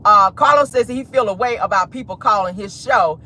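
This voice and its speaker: A woman hosting a casual celebrity gossip vlog, sassy and animated, laughing and talking straight to her viewers. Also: medium pitch, brisk. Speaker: host.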